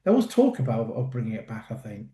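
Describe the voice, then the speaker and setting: A man, a working actor, telling stories in a casual interview, lively and full of fillers and restarts. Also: lowish voice, quick pace, reverberant. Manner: animated storyteller, acts out quotes, many fillers.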